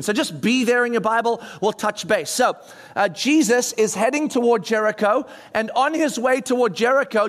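A young man preaching a sermon, telling the story in a lively way and acting out the people in it. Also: very high-pitched. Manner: animated storytelling, acting out characters.

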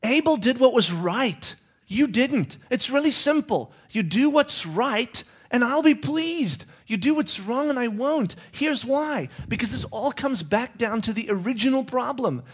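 A stern, patient God, voiced by a male preacher lectures firmly and plainly, one short clause at a time. The voice is lifted clearly higher than the preacher's natural speech. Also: animated, unhurried, full character voice. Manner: firm, plain-spoken, explaining step by step.

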